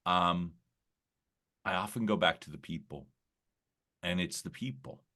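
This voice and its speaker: A man with a very low voice that still carries a sharp, bright edge. He talks as a podcast guest in a loose, reflective way, circling back with fillers and restarts. There's a slight gravel to his early-morning voice. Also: unhurried. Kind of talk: casual conversational interview.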